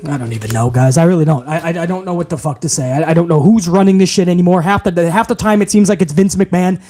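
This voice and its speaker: A man hosting a live wrestling commentary stream, ranting in an exasperated, profane, animated way. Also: fairly high pitch, fast talker.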